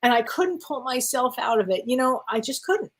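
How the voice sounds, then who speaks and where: A woman co-hosting a chat show, telling a personal story in an animated way and acting out the dialogue. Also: sits high, normal speed. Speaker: co-host.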